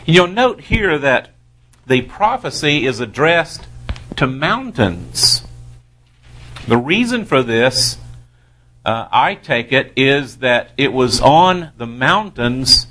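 A man teaching a verse-by-verse Bible study, reading scripture aloud and pausing to explain it with careful, deliberate emphasis. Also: medium pitch, big pitch swings, sharp tone.

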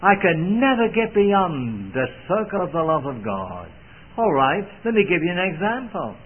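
A man's voice: sits high, sing-song, normal speed, breathy edge. A man preaching a sermon in an earnest, old-fashioned manner, swelling and dropping for emphasis. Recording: tinny phone-like band.

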